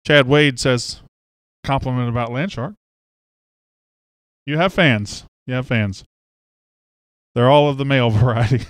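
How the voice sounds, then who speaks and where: A sports podcast host from Mississippi runs a relaxed live stream over a webcam, chatting and reading out what viewers write. His mid-range voice is unhurried, with long pauses and a clean tone. There's no echo, and the recording has studio quality.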